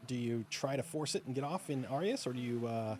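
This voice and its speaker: A man with a middle-pitched voice narrates a tabletop adventure as game master. He talks in a relaxed, descriptive way, with music playing behind him. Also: a little fast. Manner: relaxed, descriptive, many fillers.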